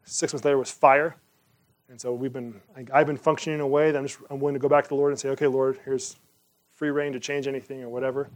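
A man's voice: medium pitch, level tone, quick pace. A man preaching as a pastor, earnest and conversational, asking rhetorical questions and praying fervently. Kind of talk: sermon and closing prayer.

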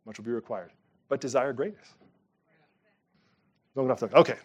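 A middle-aged man preaching a sermon from the pulpit, emphatic and animated, with sudden loud rises. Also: medium pitch, moderate pace, breathy edge. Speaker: pastor.

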